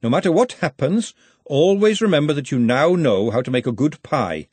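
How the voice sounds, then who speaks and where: A man's voice: fairly high pitch, animated, moderate pace, a little mellow, slightly rough, dry recording, pitched above the performer's own voice. A man reading aloud, voicing a no-nonsense woman cook who snaps and gives firm motherly advice. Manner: snappish, bossy, motherly.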